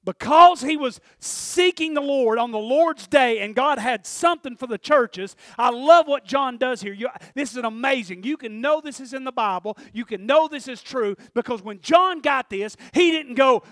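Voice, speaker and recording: Man, pastor preaching, high voice, fervent, shouts then drops quiet, dry close sound. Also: fairly quick, hardly any pauses, no room sound. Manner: fervent, swings from loud shouting to quiet asides. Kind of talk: sermon.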